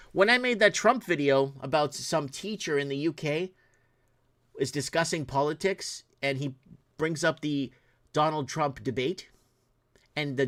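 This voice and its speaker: A man's voice: fairly high pitch, a bit bright. A middle-aged man hosting his own podcast, talking in a rambling, heated way and firing off rhetorical questions. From Portugal, raised in Toronto area. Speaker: podcast host. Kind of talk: casual live-stream commentary.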